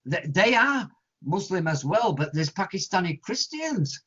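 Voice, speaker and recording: A man with an English accent, a guest musician telling stories in an interview, animated and acting out other people's voices. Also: sits high, measured pace, breathy edge. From England. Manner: animated storyteller, acts out quoted voices. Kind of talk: storytelling interview answers. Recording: lo-fi muffled audio.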